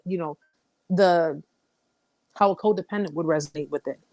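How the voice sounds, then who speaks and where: A woman's voice: fairly low pitch, dry recording. A young adult woman hosting a casual live-stream chat, reading viewer comments aloud and talking candidly, repeating phrases for emphasis.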